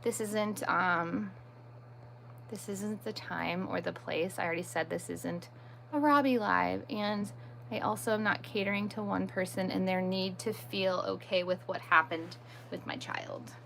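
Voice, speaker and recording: A woman's voice: medium pitch, a little slow, creaky, a bit bright, a little hiss or hum. A woman hosting a live stream in casual chat, answering viewer comments and poking fun at herself, firm with pushy viewers. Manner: chatty, answers viewer comments as they come; self-deprecating.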